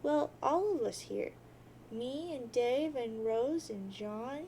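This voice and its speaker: Woman doing a gentle soothing teen girl, mellow tone, slow, gravelly. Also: on the high side, expressive, a little hiss or hum, low-quality recording. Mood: coaxing. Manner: soothing, hushing.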